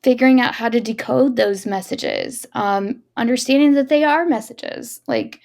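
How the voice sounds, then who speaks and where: Woman co-host, a bit high-pitched, reflective and loose, full of fillers. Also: big pitch swings, moderate pace, gravelly, a little mellow. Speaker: podcast co-host. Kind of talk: casual spiritual chat.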